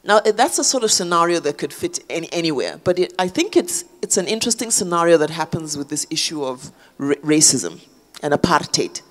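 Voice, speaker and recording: A woman's voice: low voice, big pitch swings, brisk. A woman, an author, speaking thoughtfully in a public on-stage conversation, with many fillers and restarts. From South Africa. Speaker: author guest.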